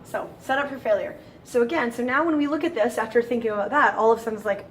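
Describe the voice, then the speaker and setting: Woman, teacher, casual lesson, talks as she thinks, slightly high, light hiss. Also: fast talker, few pauses. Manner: chatty, self-correcting, thinks aloud. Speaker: French teacher.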